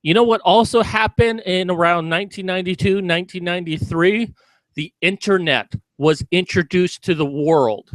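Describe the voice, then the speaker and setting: A man giving an angry commentary rant, breaking into shouted, swearing outbursts. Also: high voice, moderate pace, dry recording. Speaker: video commentator.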